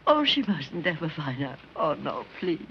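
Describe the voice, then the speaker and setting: A frantic old street apple seller, begging in a tearful whisper. Her voice sits a little high. The sound is a muffled 1930s film track with soft hiss. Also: lively intonation, moderate pace. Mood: pleading. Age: older. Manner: pleading and whispering in distress. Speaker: film character.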